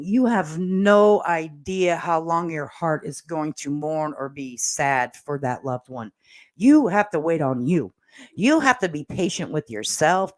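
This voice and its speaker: A woman hosting a casual livestream and reading viewer comments aloud. She talks in a chatty way, laughs often and swears casually. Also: sits low.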